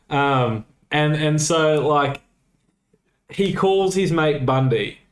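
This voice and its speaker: A man's voice: fairly high pitch, slow pace. A man co-hosting a podcast, telling a nightlife story casually with swearing and quoted dialogue. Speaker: podcast co-host. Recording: roomy echo.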